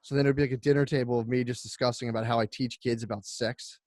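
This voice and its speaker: A man co-hosting a casual comedy podcast, rambling and laughing as he pitches a bit, acting out the voices. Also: fairly even intonation, fast talker, darkish tone, no echo, studio quality. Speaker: podcast co-host.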